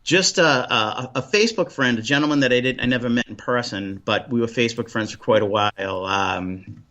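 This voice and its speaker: Boston-accented man, guest storyteller, rambling delivery, mid-pitched, slightly dull lo-fi sound. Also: fairly quick, sharp tone. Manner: rambling, many restarts and ums. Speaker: paranormal investigator guest. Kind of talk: casual interview chat.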